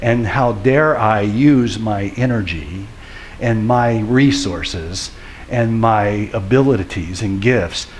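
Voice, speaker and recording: A middle-aged man, a pastor, giving a sermon in an earnest storytelling way that builds to forceful preaching. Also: fairly low pitch, slow, slight background noise.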